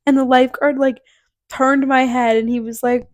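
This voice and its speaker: A woman's voice: high voice, little pitch movement, normal speed, a little mellow, no echo, studio quality. A young woman from Connecticut hosting a podcast, telling a personal story in a chatty way, with lots of "like" fillers and laughter. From Connecticut, USA. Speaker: podcast host. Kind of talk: casual storytelling.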